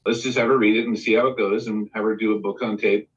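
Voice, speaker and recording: A low-leaning male voice moves at a quick pace through a lively studio story, with the guest performing the quotes himself during a live video call. The sound is lo-fi and picked up from a distance, in a casual live-stream setting.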